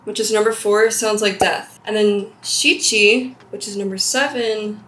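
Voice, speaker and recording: A woman's voice: mid-range voice, fairly even intonation, unhurried, fairly bright tone. A young woman in her twenties, chatting curiously in a casual language-learning vlog and laughing at herself. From United States. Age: 20s. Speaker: vlogger. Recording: roomy sound with faint background music.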